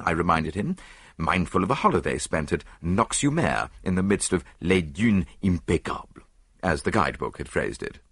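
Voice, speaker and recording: A man narrates an audiobook in a husky, fairly low voice. His intonation rises and falls widely, and the recording is close and dry with no room sound. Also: very animated, a bit bright, no echo. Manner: measured first-person storytelling. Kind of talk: scripted narration.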